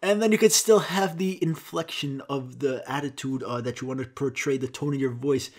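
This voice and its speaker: A man's voice: mid-range voice, normal speed. A man hosting a podcast, telling a comic story in a rambling, profane way and acting out the quotes. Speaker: podcast host.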